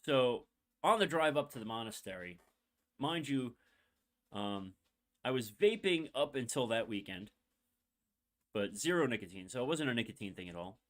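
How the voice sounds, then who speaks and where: A man's voice: medium pitch, very animated, moderate pace, long pauses. A young man hosting a podcast, telling a long personal story in a rambling, candid way with many fillers and asides, emotional and holding back tears. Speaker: podcast host.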